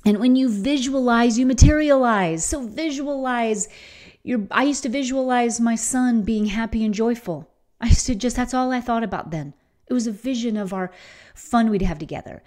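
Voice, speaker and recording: A woman's voice: a little high, moderate pace, a little mellow. A middle-aged woman giving a motivational faith talk, telling personal stories with earnest enthusiasm. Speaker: inspirational faith speaker.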